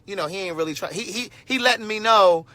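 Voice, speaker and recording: A man in his forties tells a story to his viewers on a casual livestream. His voice is fairly high and very bright. He talks in an animated, sassy way and keeps turning aside to speak to his audience. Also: quick pace, dry recording. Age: 40s. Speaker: host telling a story to viewers.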